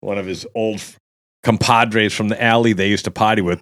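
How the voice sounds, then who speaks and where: A man's voice: lowish voice, fairly even intonation, fairly quick, fairly bright tone, no echo, studio quality. A man telling a joking, profane story among friends, mimicking the people in it.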